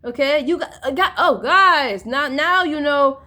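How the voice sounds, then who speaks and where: A woman vlogging in a casual, rambling monologue, repeating herself insistently and swinging between loud bursts and near whispers. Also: sits high, measured pace. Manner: frequent fillers and restarts.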